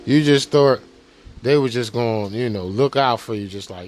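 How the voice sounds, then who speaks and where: A male podcast host in a casual rant, animated and profane, using street slang and firing rhetorical questions. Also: mid-range voice, moderate pace.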